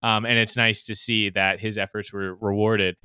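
A man's voice: lowish voice, little pitch movement, normal speed, bright, forceful tone, smooth, no echo, studio quality. A man chatting enthusiastically about a film in a casual podcast, with many fillers like "um" and "like". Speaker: podcast co-host or guest. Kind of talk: casual movie discussion.

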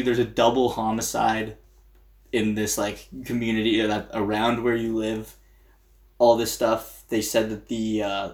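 A young man in casual chat, animatedly telling a story and acting out what others said. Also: mid-range voice. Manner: animated storytelling, acting out quotes, frequent laughter. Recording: roomy echo.

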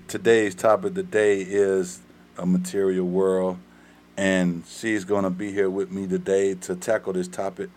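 A man's voice: deep voice, a little mellow. A man with a Southern US accent hosting a podcast, hyped and slangy, repeating himself as he chats. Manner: hype, repetitive, slangy. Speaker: podcast host. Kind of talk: casual podcast chat.

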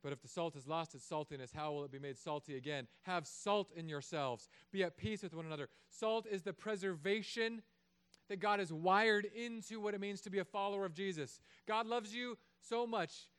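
A pastor in his thirties preaches with a high, smooth, resonant voice. He jokes and acts out little voices as he goes. The sermon is given in a church. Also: moderate pace. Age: 30s. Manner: animated, joking, acts out voices.

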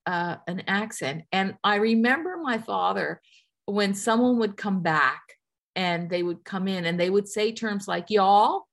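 A woman's voice: medium pitch, unhurried, creaky, fairly bright tone. A middle-aged woman from Newfoundland, with a light Newfoundland accent, talking earnestly in a casual interview with many fillers and restarts. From Newfoundland, Canada. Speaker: guest.

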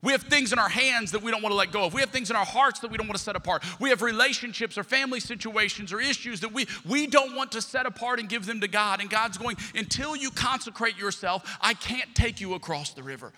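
A man's voice: high-pitched, fast, hardly any pauses, sharp tone. A man, preaching a sermon as pastor and telling stories, acting out the voices he quotes. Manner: storytelling, acts out quoted voices. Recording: long hall reverb.

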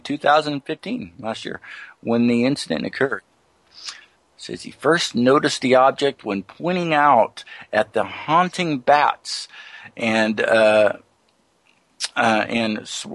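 A man co-hosting a casual talk radio show, reading out news items haltingly with many fillers and restarts. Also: medium pitch, a bit bright, no room sound.

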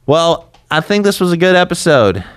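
A man's voice: a little high, big pitch swings, moderate pace, smooth, no echo. A man co-hosting a podcast, a stand-up comic bantering casually in a joking, profane, teasing way. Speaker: podcast co-host and stand-up comedian.

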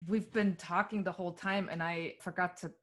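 Curious woman interviewer, lowish voice. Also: fairly even intonation, normal speed. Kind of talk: conversational interview.

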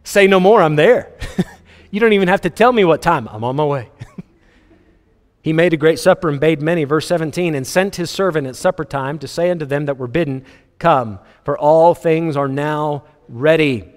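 A man preaching a sermon, reading scripture aloud and joking with the congregation in an animated way. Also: a little high, normal speed. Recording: long hall reverb.

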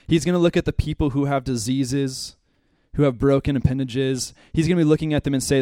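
A male pastor talks with heartfelt earnestness, first telling a story to his church class and then praying softly. His voice sits in an ordinary middle range, and the recording is dry with no room echo. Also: medium pitch, fairly even intonation, a little fast, hardly any pauses. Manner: earnest, heartfelt storytelling that turns to quiet prayer. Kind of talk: church class welcome and prayer.

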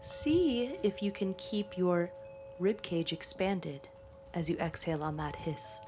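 A woman guiding a slow breathing and voice exercise in a calm, coaching manner. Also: fairly low pitch, over music. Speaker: voice instructor.

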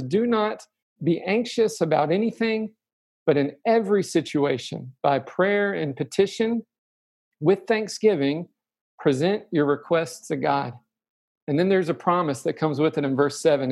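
A man's voice: sits high, a little mellow, slightly rough. A man preaching a sermon as pastor, talking earnestly and conversationally, asking rhetorical questions and answering them himself.

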